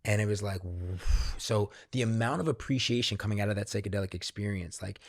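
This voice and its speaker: A man, a podcast guest, candidly recounting a personal experience in casual, profanity-laced talk that grows animated when he quotes himself. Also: on the low side, fairly quick, gravelly, no room sound, studio quality. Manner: swears freely, animated when quoting himself. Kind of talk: candid conversational storytelling.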